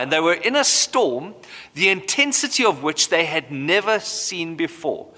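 A man in his thirties, a pastor preaching a sermon with animated storytelling. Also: on the high side. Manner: animated storytelling, acts out voices. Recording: hall reverb.

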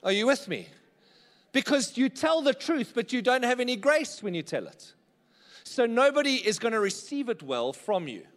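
Man, pastor, sermon, high voice, reverberant church hall. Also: sing-song, moderate pace, a bit bright. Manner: conversational, checks in with the congregation.

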